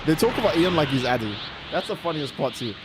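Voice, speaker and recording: A man hosting a game livestream, chatting casually and ranting in an animated, profane, exasperated way. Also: a little high, fast talker, noisy background. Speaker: livestream gamer host.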